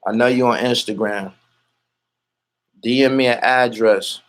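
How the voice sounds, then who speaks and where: With a medium pitch and fairly even intonation, a man talks unhurriedly to an interviewer. His casual street talk is full of bragging and swearing, and he rambles from point to point.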